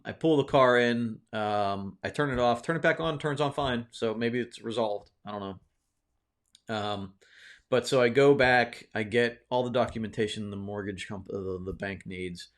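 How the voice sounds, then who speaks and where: A man hosting his own video, telling a personal story in a casual, rambling way, with many fillers and restarts, often checking in with "right?". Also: medium pitch. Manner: reflective, encouraging. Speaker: video host.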